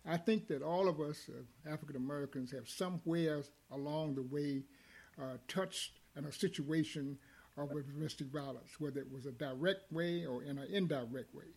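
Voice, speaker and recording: A man hosting a discussion program, talking with many pauses, fillers and restarts. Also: a little high, darkish tone, slightly rough. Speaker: host.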